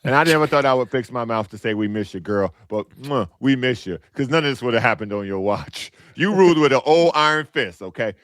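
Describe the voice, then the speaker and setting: A man from Chicago on a sports podcast, telling a story in a lively, mocking way and doing little impressions of people. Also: mid-range voice, fairly quick, few pauses, no echo, clean studio sound. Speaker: podcast panelist. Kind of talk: casual sports chat.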